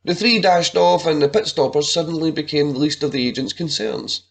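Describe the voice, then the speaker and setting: A man narrating an adventure story in a lively, dramatic reading. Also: a little high, a little fast, vocal fry.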